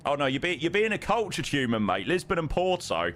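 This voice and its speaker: On a flight simulator stream, a British man chats casually, reading out viewer messages and calling out runway and altimeter numbers. His voice sits on the high side with big pitch swings, a brisk pace and a fairly bright tone, over slight background noise.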